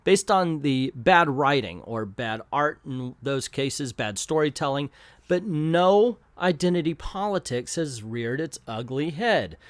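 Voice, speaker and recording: A man reviews a comic in a sarcastic, animated way, his pitch bouncing around. His voice sits slightly high and sounds dry and close, with no room around it. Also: measured pace, no room sound. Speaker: comic book reviewer, channel host. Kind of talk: casual review commentary.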